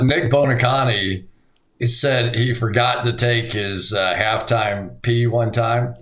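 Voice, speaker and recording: A middle-aged man co-hosting a podcast in casual chat, telling stories with lively acted-out quotes. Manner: animated storyteller, acts out quotes with big pitch jumps. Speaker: podcast co-host.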